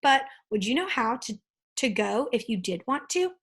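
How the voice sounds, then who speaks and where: A woman doing a cheerful young storybook boy who sounds eager and friendly. The voice sits high and a touch breathy, reading as a bright little hero on an adventure. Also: very animated, normal speed, exaggerated voice.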